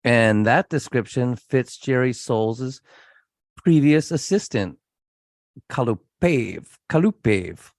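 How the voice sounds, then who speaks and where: A man's voice: mid-range voice, slow pace, dry recording, studio quality. A man co-hosting a true crime podcast, chatting casually and joking with his co-host between case details.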